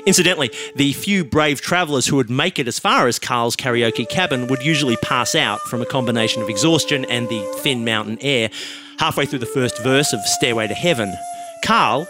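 Man reading a comic story, deadpan, animated, with music under the voice. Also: mid-range voice. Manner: deadpan, laughing at his own jokes. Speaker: podcast host and storyteller.

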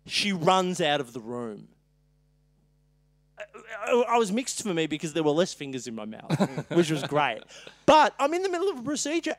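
A podcast co-host telling a story in casual chat, animated, laughing often and swearing freely. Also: medium pitch, no room sound.

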